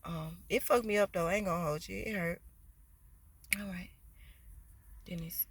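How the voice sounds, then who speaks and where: A woman telling a casual storytime vlog in slangy, profane talk that climbs into loud, indignant rants. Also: fairly low pitch, moderate pace, long pauses, slight background noise.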